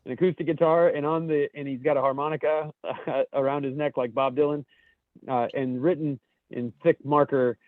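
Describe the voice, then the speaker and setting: A man's voice: fairly high pitch, steady tone, normal speed, no echo. A man co-hosting a podcast, reading memes aloud in casual chat, loose and swearing, laughing at his own jokes. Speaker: podcast co-host. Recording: dry, tinny phone-like audio over a call.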